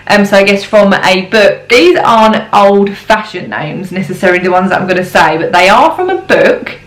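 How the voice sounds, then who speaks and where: A young mum talks casually to her camera, giggling often and filling pauses with ums. Her voice sits at an ordinary mid pitch, and the sound carries a noticeable room echo. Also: animated. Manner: chatty, giggly, with frequent ums. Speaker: parenting vlogger. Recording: roomy echo.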